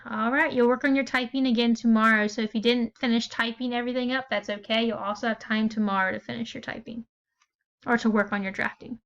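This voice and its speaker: A woman teacher explaining a writing lesson step by step, pausing often to check in with her students. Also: a little high, steady tone, a bit bright, highs cut off. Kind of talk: recorded classroom lesson.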